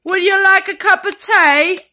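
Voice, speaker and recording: High bright woman in a mock-posh English accent. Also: fairly even intonation, measured pace. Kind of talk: playful home video role-play.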